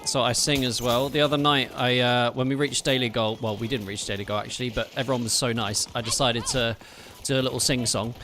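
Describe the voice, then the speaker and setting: A man talks over a live game stream, playful and teasing as he chats with viewers. His voice sits at an ordinary middle pitch. He is heard close on a streaming microphone. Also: fairly even intonation, a little fast, hardly any pauses, pushed and bright, soft background music. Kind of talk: live gameplay commentary and chat.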